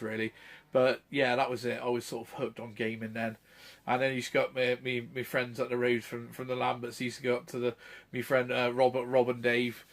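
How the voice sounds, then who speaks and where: A man's voice: mid-range voice, fairly bright tone. Rambling, chuckling man in his thirties. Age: 30s. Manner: rambling anecdotes with frequent fillers and chuckles. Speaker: retro gaming channel host. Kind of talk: casual chat.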